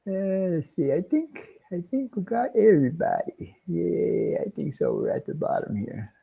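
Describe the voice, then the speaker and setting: A middle-aged man with a New York accent chats casually on a livestream, greeting viewers one at a time and chuckling now and then. His voice sits a little high but sounds mellow and warm. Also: wildly swooping pitch, normal speed, gravelly, breathy edge. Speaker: livestream host.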